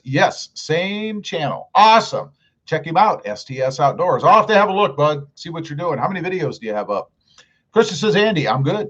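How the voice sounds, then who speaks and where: A man's voice: fairly high pitch, muffled recording. A middle-aged man hosting a casual live stream, reading viewer comments aloud in a friendly, upbeat way.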